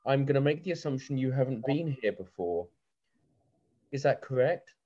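A man's voice: medium pitch, animated, moderate pace, mellow, lo-fi sound, pitched above the performer's own voice, close to an everyday voice. A man voicing a poised, polite winged female fae waitress in a tabletop role-play, speaking formally and graciously.

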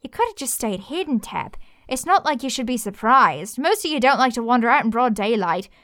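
A woman's voice: a little high, big pitch swings, brisk, fairly bright tone, no room sound, clean studio sound. A woman playing a cheeky young hunter. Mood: exasperated. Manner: teasing, breezy. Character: cheeky young female monster hunter, teasing.

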